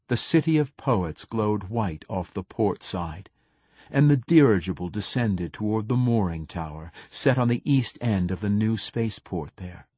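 A man reading a novel aloud as an audiobook narrator, in a measured, even storytelling manner. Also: lowish voice, husky, no room sound. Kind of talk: scripted narration.

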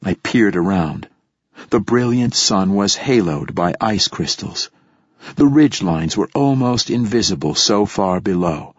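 A man narrating a story in the first person, in a steady, measured way. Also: fairly low pitch, slightly rough, dry recording. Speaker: audiobook narrator. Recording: dull lo-fi dry recording.

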